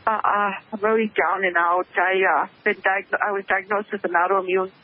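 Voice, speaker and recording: A woman calling into a radio talk show, emotional and tearful, speaking haltingly over a muffled phone line. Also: medium pitch, steady tone. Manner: halting, hesitant speech. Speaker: caller. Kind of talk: call-in radio conversation.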